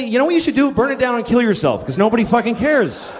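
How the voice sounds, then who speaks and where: A man's voice: very high voice, very animated, fast talker, hardly any pauses, slight background noise. A married father doing stand-up comedy, blunt and profane, with hesitant filler words. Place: stage in a comedy venue. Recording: long hall reverb on stage.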